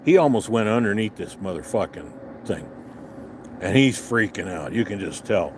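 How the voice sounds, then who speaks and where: A man's voice: lowish voice, animated, moderate pace, noisy background. An older man vlogging, telling a profane, angry story about a road clash, swearing heavily as he talks outdoors. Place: outdoors on a restaurant patio.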